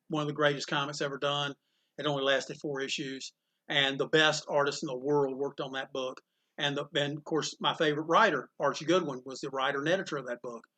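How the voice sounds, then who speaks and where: A man, a comic shop owner, telling animated stories in a casual interview and acting out the voices of people in them. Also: a little high. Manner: animated storyteller, acts out quotes, laughs often.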